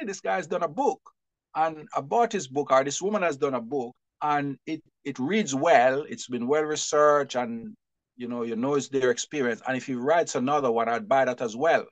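Man, middle-aged, publisher being interviewed, animated storyteller, laughs a lot, medium pitch, dry close sound. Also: no room sound. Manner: lively, expressive, laughs often. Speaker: publisher and bookseller.

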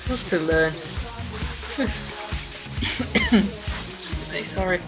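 A young woman chats her way through a life-simulation game at an unhurried, drawn-out pace. She rambles and giggles, thinking aloud between long pauses, with faint music under her voice. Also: on the low side, lively intonation. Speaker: let's play host. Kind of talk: casual gameplay commentary.

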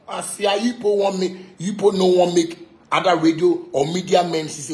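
A man's voice: high-pitched, flat delivery, fairly quick, darkish tone. A man from Ghana with a Ghanaian Pidgin English accent, a musician ranting in a boastful, taunting, profane monologue that keeps repeating its points. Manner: repetitive, insistent.

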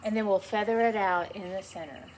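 A woman with a mid-range voice leads a beginners' painting lesson, talking through each stroke as she works. Her manner is chatty and encouraging. Steady background noise sits clearly behind her voice. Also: mid-range voice, fairly quick. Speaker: painting instructor. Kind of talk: relaxed step-by-step painting tutorial.

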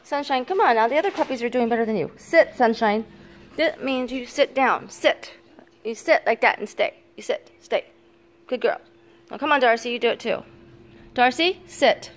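Indoors at home, an older grandmother chats casually into a handheld phone camera while filming her granddaughters. Her voice is on the high side at a moderate pace, and she gives firm but fond commands to the dogs and children.

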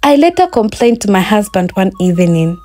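A woman narrating a first-person folktale in a plain, steady reading style. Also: medium pitch, brisk. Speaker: storyteller.

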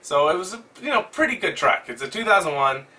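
A young man tells a story to the camera at home in an animated, excitable way. His voice sits a little high and sounds bright and forceful, picked up from some distance away from the mic. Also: quick pace. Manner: animated, excitable retelling with swearing. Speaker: vlogger. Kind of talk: casual storytelling chat.

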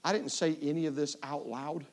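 A middle-aged evangelist with a fairly high voice and a moderate pace tells a family story as a sermon. He plays out the voices with lively crying and shouting.

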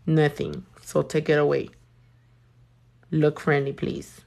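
A woman's voice: deep voice, little pitch movement, slow, vocal fry, darkish tone. A young woman doing her nails while chatting with live viewers, blunt and sassy, swearing often. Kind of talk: casual chat with live viewers.

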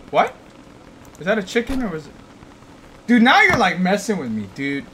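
A man chatting and teasing a friend on a gaming stream, animated and jokey. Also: high voice, normal speed, long pauses, slight background noise. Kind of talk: casual gaming stream chat.

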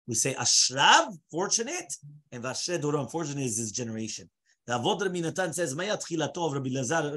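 A man's voice: on the high side, fairly bright tone, slightly rough. A man teaching a Torah class as a rabbi, mixing Hebrew phrases into English and asking rhetorical questions.

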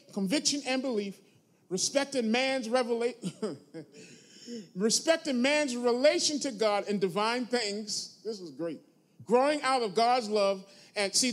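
Pastor, male, high voice, sermon delivery with call-and-response, loud emphatic bursts between low asides. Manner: preachy, call-and-response with the congregation.

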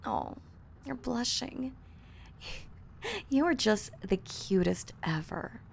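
A woman's voice: fairly high pitch, animated, takes it slowly, gravelly, slight background noise, exaggerated voice. A woman playing a giggly obsessive kidnapper. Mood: teasing. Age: young adult. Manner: giggly and teasing, slipping into soft whispers; breaks off to fix her own lines. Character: obsessive young woman who kidnapped her crush. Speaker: voice actress. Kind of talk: audio role-play.

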